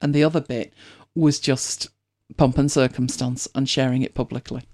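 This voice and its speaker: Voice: medium pitch, fairly even intonation, normal speed, a little mellow. Chatty British host, rambling. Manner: chatty and rambling, with many restarts. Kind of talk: casual chat.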